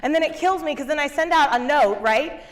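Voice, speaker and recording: A woman business coach giving a motivational keynote talk on a conference stage, energetic and often laughing as she talks to the crowd. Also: high-pitched, fairly quick.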